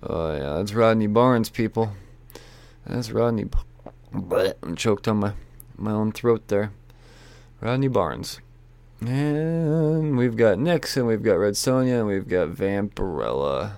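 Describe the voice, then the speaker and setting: Gravelly-voiced guy rambling through comic releases. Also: on the low side, lively intonation, takes it slowly, a little mellow, no room sound. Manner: rambling, profane and joking. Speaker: comic book shop owner reviewing weekly releases. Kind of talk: casual solo chat about new releases.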